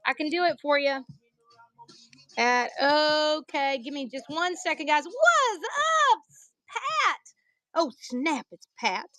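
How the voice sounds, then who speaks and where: Woman, country accent, livestream seller, jokey and chatty with viewers, high voice. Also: measured pace, fairly bright tone, dry recording. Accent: American country. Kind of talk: casual live sales chat.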